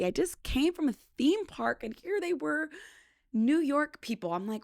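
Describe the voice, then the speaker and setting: A woman from British Columbia hosting her show, telling a story in a chatty, animated way. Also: sits high, unhurried, gravelly, dry recording, clean studio sound. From British Columbia, Canada. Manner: chatty and animated, acts out quotes. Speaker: podcast host. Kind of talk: casual storytelling monologue.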